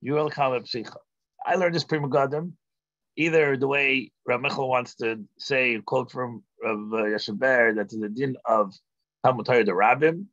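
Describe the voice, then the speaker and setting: A man, a rabbi, teaching a text-study class, thinking aloud with halting restarts and filler sounds. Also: mid-range voice, fairly bright tone, no room sound, lo-fi sound.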